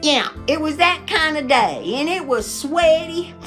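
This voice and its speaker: A middle-aged woman, telling folksy stories to camera in a chatty, animated way and laughing often. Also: sits high, unhurried, soft background music. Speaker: vlogger.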